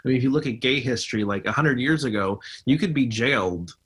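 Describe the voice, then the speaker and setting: A man's voice: mid-range voice, fast, fairly bright tone, breathy edge. A man who is a guest on a podcast, explaining his views earnestly in casual conversation, with frequent restarts.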